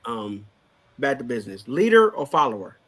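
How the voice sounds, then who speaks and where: A man co-hosting a casual podcast chat, joking around and dropping quick asides. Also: medium pitch, sing-song, a bit bright. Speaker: co-host.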